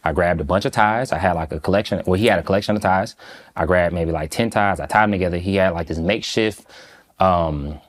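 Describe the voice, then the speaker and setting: A man from Michigan, a guest in an interview, recounting a personal story in a slow, halting, reflective way with many pauses. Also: low voice. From Michigan, USA.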